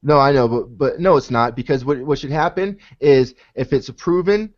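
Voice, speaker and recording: A man's voice: medium pitch, moderate pace. A man co-hosting a podcast, arguing bluntly and emphatically, swearing often. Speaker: podcast co-host. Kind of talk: heated casual debate. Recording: dull lo-fi podcast audio.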